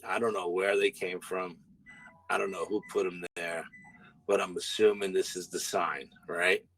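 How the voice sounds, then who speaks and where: A man's voice: low voice, little pitch movement, moderate pace, a bit bright, breathy edge, soft background music, rough recording. A man, a guest paranormal investigator, telling a story in a rambling, casual way, repeating words and swearing now and then.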